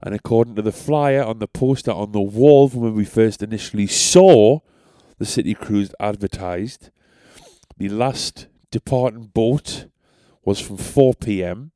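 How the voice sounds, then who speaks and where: A man's voice: on the low side, unhurried, dark tone, no room sound. A young man who tells stories on a podcast in a rambling, sweary, self-deprecating way. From North East England. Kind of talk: casual storytelling.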